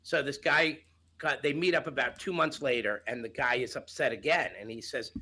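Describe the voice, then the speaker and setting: A man co-hosting a casual podcast chat, telling jokes and stories in an animated way. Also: moderate pace, slightly rough. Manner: animated joke-telling, jumps high when excited. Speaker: co-host.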